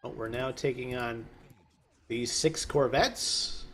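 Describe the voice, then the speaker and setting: A man's voice: mid-range voice, takes it slowly, a bit bright, breathy edge, faint music behind. A man hosting a let's play, talking casually through a strategy game and drifting into joking asides as he plays. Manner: rambling, musing aloud with joking asides. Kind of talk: casual gameplay commentary.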